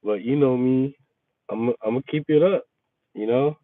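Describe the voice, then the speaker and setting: A man telling a casual, profane story about his workday, venting with animated energy. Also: medium pitch, normal speed, no room sound. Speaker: resort maintenance worker chatting with viewers. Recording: tinny phone-like, dry sound.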